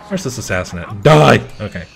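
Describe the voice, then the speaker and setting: A man playing a video game and commenting as he plays, swearing and shouting at the game, then rambling through a story. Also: on the low side, unhurried, slight background noise. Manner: profane, excitable outbursts at the game; chatty, rambling anecdotes. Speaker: gamer.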